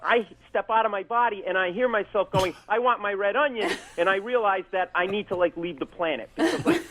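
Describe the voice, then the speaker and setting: A middle-aged man spins a comic story at a rapid clip, his voice sitting a little high. He rambles through fillers and restarts and plays out both sides of every argument. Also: background noise. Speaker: comedian guest.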